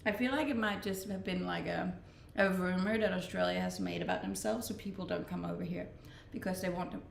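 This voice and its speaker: A woman's voice: lowish voice, a little fast, creaky, a little hiss or hum. A young woman from Scandinavia with a Scandinavian accent, chatting playfully with her viewers as a streamer and laughing often. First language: Scandinavian language. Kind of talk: casual chat reading out viewer messages. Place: Australia, Gold Coast. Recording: echoey room.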